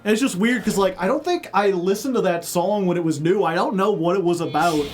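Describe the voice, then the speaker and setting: A man's voice: high voice, fairly quick, faint music behind. A man streaming a card game, chatting casually with his chat, rambling and laughing at his own jokes. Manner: rambling, joking, laughs often.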